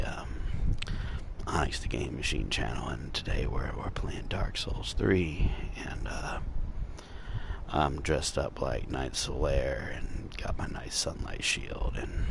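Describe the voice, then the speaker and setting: Whispered role-play: a man doing a soft, slow, deep murmuring ASMR host voice, well below his normal pitch. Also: expressive, vocal fry, heavily acted. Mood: hushed. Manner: hushed, slow, murmured close to the mic. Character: soft-spoken male ASMR channel host.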